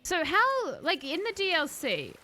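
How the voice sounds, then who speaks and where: A woman's voice: very high voice, wildly swooping pitch, measured pace, sharp tone. A woman streaming a video game, chatting casually with her viewers and laughing often. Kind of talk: casual gaming live-stream commentary.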